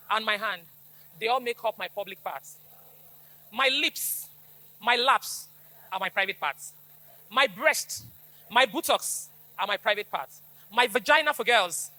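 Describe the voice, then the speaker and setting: A woman's voice: fairly high pitch, pushed and bright. A middle-aged woman with a Nigerian accent, a police officer giving an emphatic call-and-response talk to schoolchildren. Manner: emphatic, preachy, repeats slogans for the crowd to echo.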